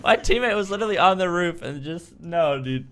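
A young man giving excitable live commentary over his shooter gameplay, yelping and groaning at every setback. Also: high-pitched, a little fast. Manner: excitable, yelps and laughs when things go wrong. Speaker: gaming YouTuber. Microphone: desk microphone at a gaming setup.

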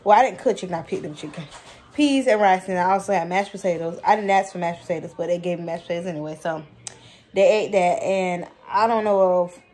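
A woman, chatting casually to viewers in a home vlog, telling stories in an animated way and calling them y'all. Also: lowish voice, quick pace. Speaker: vlogger, mother of two.

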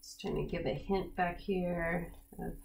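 A woman talks through a live painting demo in her studio, easygoing and chatty, pausing often with small fillers. Her voice is fairly low and carries a gravelly edge. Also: slight background noise. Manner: relaxed, chatty, many fillers. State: slightly cracky voice. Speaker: painting instructor.

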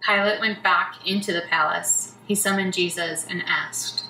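Woman scripture narrator, bright tone, lower pitch, far mic in a roomy church. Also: steady tone, unhurried. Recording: roomy church from a distance, faint noise.

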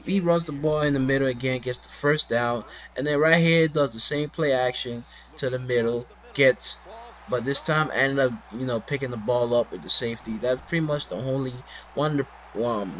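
A man talks through his gameplay footage in a casual, exasperated ramble, piling up rhetorical questions and fillers. His voice sits at an ordinary middle pitch. The recording is slightly dull and lo-fi. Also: a bit bright. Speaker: gameplay commentator.

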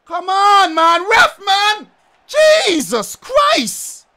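A man giving calm, measured broadcast football commentary as in-game audio. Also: extremely high pitch. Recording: faint game audio heard from far.

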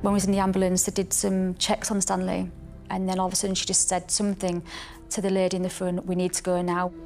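A young woman tells her story as a bereaved mother, steadily and plainly, quoting what each person said. Her pitch stays narrow and level. Soft music runs underneath. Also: fast, gravelly. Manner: plain, steady storytelling full of quoted speech. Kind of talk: recounting a personal tragedy.

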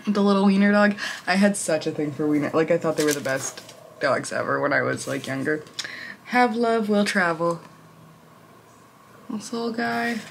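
A woman's voice: animated, normal speed, creaky, slight background noise. A young woman chatting casually in a vlog at home, gushing over things and using lots of fillers. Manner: gushing, filler-heavy, reads card captions aloud; high baby talk to her pet. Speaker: vlogger.

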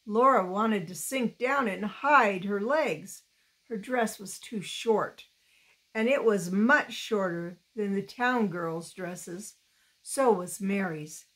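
Slow, careful woman reading a storybook. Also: on the high side. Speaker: storybook reader. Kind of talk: reading a children's novel aloud.

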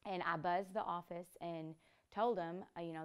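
A woman's voice: on the low side, a little slow, smooth. A woman teacher recounting an event in an interview, animatedly acting out what people said. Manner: animated storytelling, acts out quotes. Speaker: first grade teacher. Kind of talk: interview recollection.

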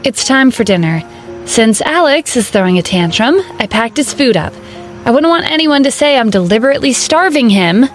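A woman's voice: a little high, animated, normal speed, darkish tone, faint music behind, close to an everyday voice. A woman reading the lines of a bold young wife who speaks sarcastically and with light mockery. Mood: sarcastic.

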